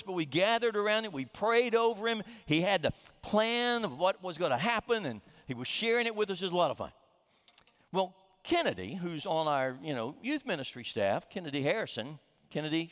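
A man's voice: fairly high pitch, a bit bright. A middle-aged man preaching a sermon as a pastor, telling a humorous story with frequent restarts, in a reverberant sanctuary. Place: church sanctuary.

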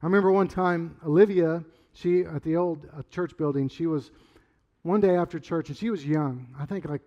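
A middle-aged man preaching a sermon in a loose, conversational way, rambling through stories and sometimes shouting. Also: fairly high pitch, normal speed, muffled recording. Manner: conversational, rambling storyteller with sudden loud outbursts. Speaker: pastor.

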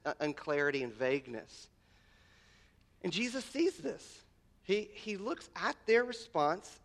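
A man with a high, light voice delivers a sermon. He leans on repetition and lifts his voice to stress key phrases, often restarting his words mid-thought. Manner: emphatic, repeats words, voice rises on key lines. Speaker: pastor.

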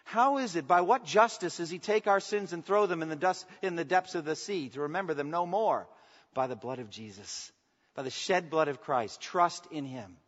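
Man preaching, higher voice, emphatic then hushed, asks the congregation questions, big echoing church, dull sound. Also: moderate pace. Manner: preaching with rising emphasis, then dropping to soft, intimate lines. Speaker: pastor. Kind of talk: sermon. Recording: long reverb, dull lo-fi sound.

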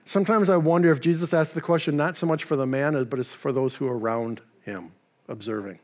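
The sermon comes from a man whose voice runs somewhat high, speaking as if in conversation. He slips in casual remarks and paraphrases others' words, staying friendly and unhurried throughout.

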